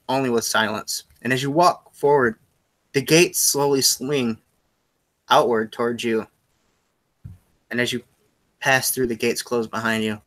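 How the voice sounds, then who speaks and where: Man, game master, bright voice, halting self-correcting narration. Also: medium pitch.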